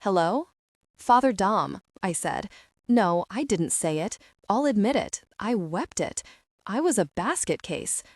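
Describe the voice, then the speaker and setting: A young woman narrates a first-person young adult audiobook, confiding and wry, with a mid-pitched voice. The sound is dry and close to the mic. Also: sing-song, measured pace, a little mellow, slightly rough, no echo.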